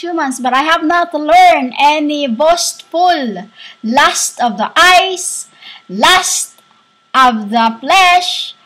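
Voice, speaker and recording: A woman speaks slowly into a laptop microphone, giving a drifting spiritual monologue. She halts often, searching for her words between long pauses. Her voice sits high. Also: bright, forceful tone, poor audio. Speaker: self-styled spiritual speaker. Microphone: laptop built-in microphone.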